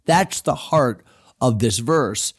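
Male Bible teacher, mid-range voice, earnest and animated, casual delivery with fillers. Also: mid-range voice, slow, breathy edge. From United States.

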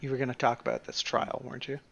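A man's voice: mid-range voice, level tone, fast, creaky, fairly bright tone, husky, muffled recording. A man co-hosting a podcast, chatting casually with dry, teasing remarks and frequent laughter. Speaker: podcast co-host. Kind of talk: casual chat.

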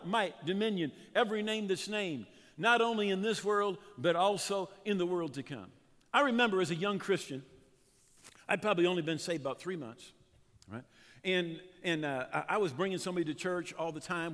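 A man preaching a sermon as pastor, fervent, with dramatic pauses and emphatic builds. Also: sits high, fairly bright tone, big-room sound.

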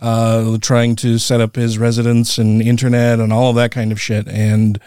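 A middle-aged man talks as a podcast host in a relaxed, joking way, swearing freely and laughing often. His voice is smooth and resonant at an ordinary pitch. The sound is dry and close. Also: moderate pace, no room sound. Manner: laid-back, laughs often, swears casually. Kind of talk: casual podcast chat.

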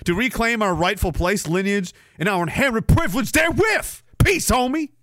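A man's voice: very animated, unhurried, sharp tone, no echo, studio quality, exaggerated voice. A man reading out a chat comment in a put-on, mock-grand voice, playing a self-important male commenter. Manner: mock-grand declaiming, raised pitch.

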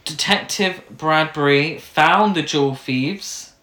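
Swearing, giggly podcast host, mid-pitch voice, echoey room. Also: slow pace. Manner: animated, swears, laughs often. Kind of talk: casual film review chat. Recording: roomy echo.

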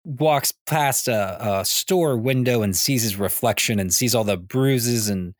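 Brief: podcast co-host, casual meandering comics chat, mid-pitched, dry mic. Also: male voice, unhurried, no room sound. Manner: rambling retelling with many fillers.

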